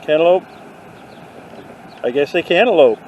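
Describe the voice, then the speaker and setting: A man vlogging a walk through an outdoor garden, dropping deadpan puns as he goes. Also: on the high side, unhurried, lo-fi sound. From not from the South. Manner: deadpan punning asides. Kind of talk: joking walk-through commentary. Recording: faint outdoor noise.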